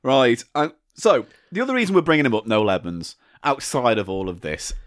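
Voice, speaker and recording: A man's voice: medium pitch, very animated, a little fast, dry recording, clean studio sound. A man hosting a podcast, chatting in a jokey, sweary way. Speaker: podcast host. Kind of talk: casual chat.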